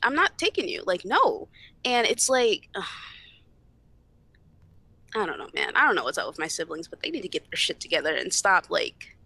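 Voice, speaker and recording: A woman's voice: on the low side, very animated, moderate pace, gravelly, long pauses, sharp tone, slightly rough, no echo. A young woman guest on a podcast, bluntly retelling a family argument with lots of swearing and acted-out dialogue. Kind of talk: casual storytelling chat.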